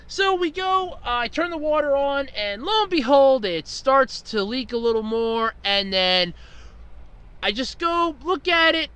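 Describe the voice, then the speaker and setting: High, lively man ranting on a podcast. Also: a little slow, no room sound. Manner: animated, rambling, exasperated, swears freely. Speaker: podcast host. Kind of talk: casual storytelling monologue.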